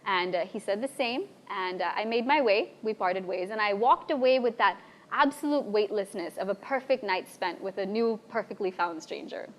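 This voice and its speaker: A young woman telling a personal story live on a bar stage, lively and animated, acting out her own past lines. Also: medium pitch, normal speed. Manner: lively, animated, acts out quoted voices. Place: bar stage before an audience.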